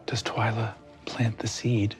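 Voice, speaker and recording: A man narrating a tabletop game as game master, in slow, measured, hushed narration. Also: lowish voice, little pitch movement. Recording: faint music underneath.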